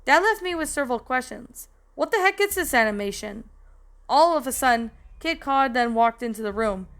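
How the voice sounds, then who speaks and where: A woman's voice: high-pitched, animated, normal speed, fairly bright tone. A woman reading a fan story aloud. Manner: casual reading with small slips. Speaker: story narrator and reviewer. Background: background music.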